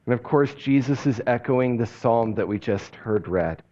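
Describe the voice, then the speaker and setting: A male pastor giving a sermon in a hushed, reflective way. His voice sits at a middle pitch and often sinks low and soft at the end of a thought. The recording sounds slightly dull and muffled. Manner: slow, hushed and reflective, dropping low on key phrases.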